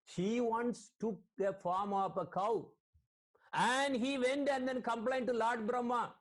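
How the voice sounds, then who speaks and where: A man's voice: very high-pitched, takes it slowly. A man, a spiritual teacher, giving an online sermon over a video call, quoting Sanskrit verses and questioning his listeners.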